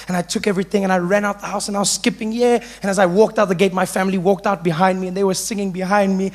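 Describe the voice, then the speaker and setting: A stand-up comedian, telling animated personal stories on a live stage. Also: male voice, high-pitched, very fast, hardly any pauses, music in the background. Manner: animated, switches into character voices. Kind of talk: stand-up storytelling.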